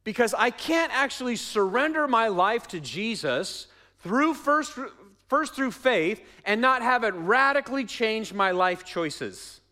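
A man's voice: very high-pitched, expressive, measured pace, bright, forceful tone. A man preaching a sermon as pastor, conversational, asking the congregation questions and repeating his phrases.

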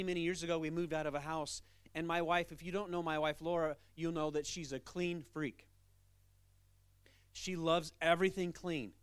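A pastor preaching a sermon with a fairly high man's voice. His delivery is animated and conversational, and he drives points home with emphasis. The recording is dry and close. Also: clear, resonant tone, no room sound.

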